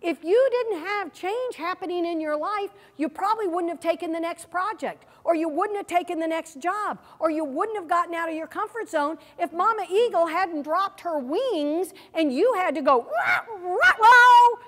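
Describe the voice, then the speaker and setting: A woman presenting a seminar workshop in a lively way, often asking the audience questions, recorded with a long hall reverb. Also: very high voice, moderate pace, hardly any pauses. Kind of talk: teaching a workshop.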